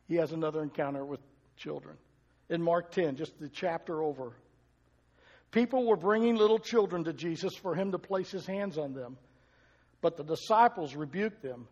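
A male pastor delivers a conversational sermon and keeps asking the congregation questions. His voice sits high for a man and has a husky edge. Long reverb from a large hall hangs after each phrase. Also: lo-fi sound. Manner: conversational preaching with rhetorical questions.

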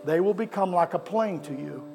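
A man's voice: high-pitched, normal speed, gravelly, a little mellow, faint music behind. A man preaching a sermon as pastor of a church, with a fervent cadence that repeats phrases, then leading prayer. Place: church sanctuary.

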